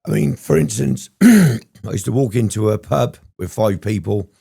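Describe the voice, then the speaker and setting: A man's voice: medium pitch, animated, normal speed, gravelly, mellow, breathy edge, no room sound, clean studio sound. A man telling his story as a podcast guest, rambling and swearing often, with frequent ums. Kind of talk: candid storytelling interview.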